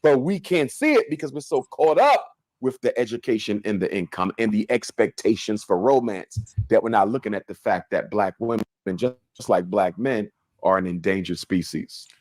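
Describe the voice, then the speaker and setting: A man's voice: fairly low pitch, animated, moderate pace, darkish tone, dry recording. Emphatic male speaker, dry close sound. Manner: emphatic, lecturing. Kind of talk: impassioned commentary.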